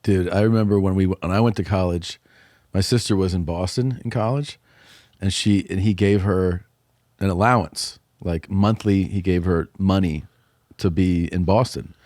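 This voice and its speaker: A man's voice: sits low, moderate pace, no room sound, clean studio sound. A man co-hosting a podcast, telling stories in casual chat, swearing and laughing as he goes. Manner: expressive, swearing, laughing storyteller. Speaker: podcast co-host.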